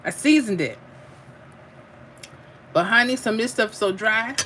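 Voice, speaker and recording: A woman's voice: a little high, lively intonation, unhurried, fairly bright tone, slight background noise. A middle-aged woman, chatting casually while she eats on a home livestream and reads out viewer comments, laughing and calling people "honey". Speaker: livestream host.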